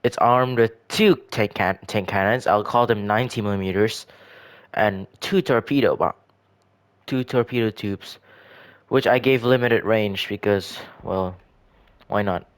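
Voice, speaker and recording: A man's voice: lowish voice, measured pace, clear, resonant tone. A man giving casual, rambling commentary on his own game builds, often stumbling and restarting his sentences. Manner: rambling, hesitant, frequent restarts and self-corrections. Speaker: gaming video creator.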